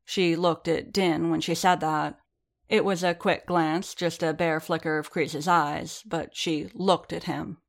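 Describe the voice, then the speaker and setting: A woman narrating an action story aloud in an even, measured audiobook reading. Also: deep voice, gravelly.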